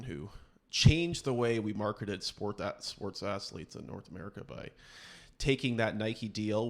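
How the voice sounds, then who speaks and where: A man hosting a podcast, rambling through casual chat with sarcastic, mock-serious asides. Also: on the low side. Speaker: podcast host.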